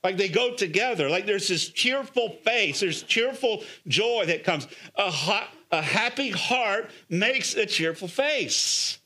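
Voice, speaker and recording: A middle-aged male pastor with a high, bright, forceful voice preaches energetically. He coaxes his listeners with rhetorical questions and repeated calls of "come on.". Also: expressive, slow pace, hardly any pauses. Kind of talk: sermon.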